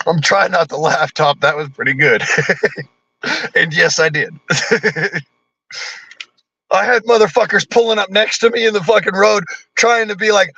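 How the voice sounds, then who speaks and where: High, bright-voiced man ranting hard. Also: steady tone, unhurried, gravelly, long pauses, lo-fi sound. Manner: heavy cursing, blunt and combative. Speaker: vlogger. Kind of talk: profane political rant.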